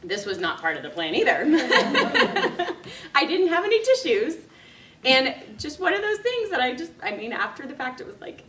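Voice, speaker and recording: A woman giving a speech, telling a personal story in a lively way and laughing often. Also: sits high, moderate pace, slight background noise. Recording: echoey room, mic from a distance.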